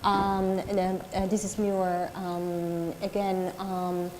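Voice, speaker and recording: A woman interviewing an actor in a public talk, speaking softly and hesitantly with many ums. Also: medium pitch, level tone, slow pace. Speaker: interviewer, academic. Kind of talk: stage conversation, lecture-like. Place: lecture hall before an audience. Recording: echoey hall with faint noise.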